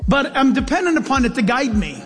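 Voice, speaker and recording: A man preaching a sermon as pastor, telling stories in an animated way with sudden jumps in pitch. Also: brisk, faint music behind. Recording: long church-hall reverb.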